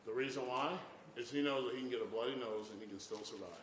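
A man's voice: medium pitch, fast, echoey room, slight background noise, poor audio. A man preaching a sermon, telling stories and often repeating "boy" and "can I tell you this". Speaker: pastor.

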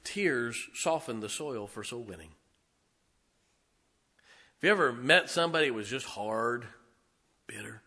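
A middle-aged male pastor preaching a sermon, telling folksy stories and swinging from loud declarations to hushed asides. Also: mid-range voice, slightly rough.

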